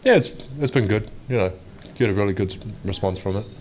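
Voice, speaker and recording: A man's voice: on the low side, fast talker, a little mellow. A young New Zealand man answering reporters' questions in a casual, rambling way, dropping "mate" into nearly every sentence. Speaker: pro basketball player. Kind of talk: media day press interview.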